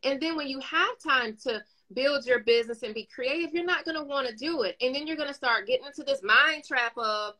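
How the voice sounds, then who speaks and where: A woman chatting casually as a guest speaker, telling animated stories and giving motivational advice. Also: sits high, fairly quick, few pauses, low-quality recording. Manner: animated storyteller, acts out dialogue, gives advice.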